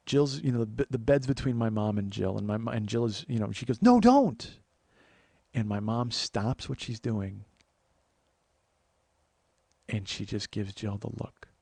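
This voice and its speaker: A man's voice: lowish voice, fairly even intonation, a little slow, vocal fry, pauses often, darkish tone, slightly rough, no echo. A man hosting a comedy podcast, telling a long story in a rambling, conversational way. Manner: rambling, conversational, many fillers. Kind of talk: storytelling monologue.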